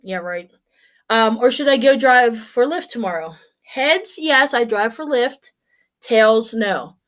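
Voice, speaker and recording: A woman in her forties talks straight to the camera in a loose, rambling vlog style, upbeat and full of restarts. Her voice sits a little on the high side. She sounds slightly out of breath. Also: expressive, slow, a bit bright. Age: 40s. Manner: chatty and upbeat, with many restarts and asides. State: a bit out of breath. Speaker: vlogger. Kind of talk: casual solo vlog chat.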